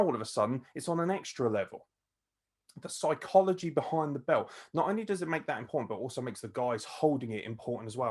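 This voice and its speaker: A man hosting a casual wrestling review, excitable, swearing freely and laughing often. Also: medium pitch. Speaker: podcast host.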